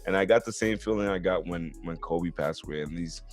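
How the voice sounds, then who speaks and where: A man's voice: low-pitched, brisk, faint music behind. A man hosting a sports podcast in casual chat, talking earnestly and calling his guest "man" and "bro". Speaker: podcast host.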